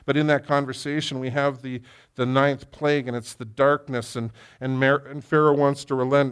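A man's voice: mid-range voice, little pitch movement, moderate pace, clear, resonant tone. A middle-aged male pastor reading scripture aloud and then preaching a sermon that builds to impassioned emphasis. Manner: reads scripture then preaches with rising intensity.

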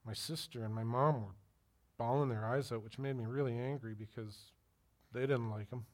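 This middle-aged pastor's sermon mixes personal stories with direct questions to his listeners. He talks at a moderate pace in a mid-range voice with fairly even intonation.

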